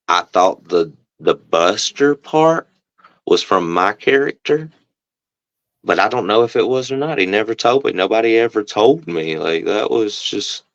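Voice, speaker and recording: A man, a professional wrestler, talking casually in an interview and telling stories in a relaxed way, acting out other people's voices. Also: low-pitched, no room sound, lo-fi sound. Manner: relaxed storyteller, acts out the other voices in quotes.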